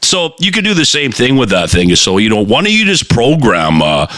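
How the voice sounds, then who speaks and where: A man's voice: mid-range voice, wildly swooping pitch, normal speed, bright, forceful tone, no room sound. A man co-hosting a podcast, rambling and joking in casual banter. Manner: joking, rambling, laughs often. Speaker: podcast co-host.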